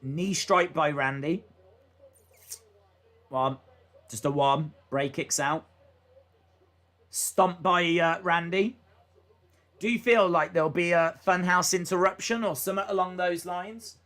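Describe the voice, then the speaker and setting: A man's voice: high-pitched, slow, pauses often, a bit bright. A young man livestreaming a watch-along, calling wrestling moves and reading viewer chat in a casual way, full of "uh" fillers. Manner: casual, frequent "uh" fillers, reads chat aloud. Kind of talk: live play-by-play wrestling commentary.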